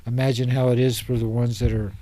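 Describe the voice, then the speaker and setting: Earnest middle-aged man, dark dry voice. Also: mid-range voice, level tone, quick pace, no echo. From Salt Lake City, Utah. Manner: earnest, passionate, loosely rambling. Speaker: guest, homeless advocate. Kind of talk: casual podcast conversation. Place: podcast studio.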